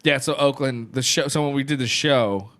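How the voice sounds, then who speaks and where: A man's voice: medium pitch, normal speed, a bit bright. A man from Los Angeles, a comedian co-hosting a podcast, telling a rambling story with lots of swearing and laughter. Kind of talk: casual chat, telling a story.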